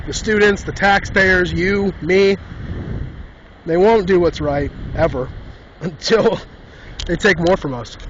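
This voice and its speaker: A man's voice: high-pitched, a bit bright, dull audio, a little hiss or hum. A man hosting a podcast in a casual, exasperated and sarcastic rant, with lots of "like" and "dude". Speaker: podcast host. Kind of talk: casual ranting monologue.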